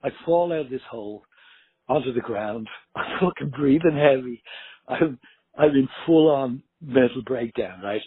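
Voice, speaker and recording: A man's voice: medium pitch, a little slow, slightly rough. A man, a guest musician, telling a story casually and animatedly, with cursing and acted-out dialogue. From Ireland. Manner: animated, profane, acts out dialogue. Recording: tinny phone-like line.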